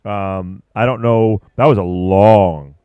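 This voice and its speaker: A man commentating live at a surfing contest, chatty and excitable, rambling about boards and waves. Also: on the low side, slow pace, clean tone, no room sound, narrow, tinny audio.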